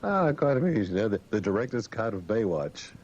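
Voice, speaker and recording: A sardonic male talk radio host with a mellow voice, rising and falling a lot as he mocks and rants. The sound is a dull lo-fi radio broadcast with faint hiss. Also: lowish voice, very animated, a little fast. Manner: sardonic, mocking, with put-on silly voices.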